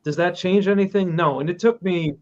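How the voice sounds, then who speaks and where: A man's voice: high voice, brisk, muffled recording. A man telling a personal story in a casual online talk show and acting out the quotes as he goes. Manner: animated storyteller, acts out quotes.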